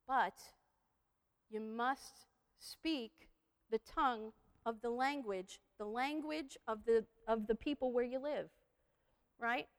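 A woman's voice: on the high side, slow pace, pauses often. A woman giving a playful talk to an audience, leading them in repeating phrases. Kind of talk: lively presentation with audience participation. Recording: long hall reverb.

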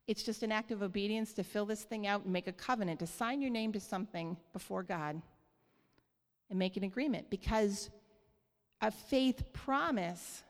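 A woman preaching a sermon in church, earnest and light, often laughing softly and checking in with the congregation. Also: medium pitch, normal speed. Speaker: church speaker. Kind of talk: sermon on giving. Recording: long hall reverb.

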